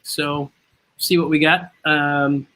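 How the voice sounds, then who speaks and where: Brief: male host, higher voice, bright, playful and teasing, casual chat over a video call. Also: flat delivery, slow pace. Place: outdoors, then moving inside.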